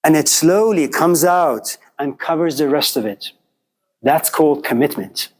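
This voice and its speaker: A middle-aged man lecturing a class, animated and questioning, telling stories to make his points. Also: fairly high pitch, a little slow, rough recording. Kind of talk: classroom lecture with student exchanges.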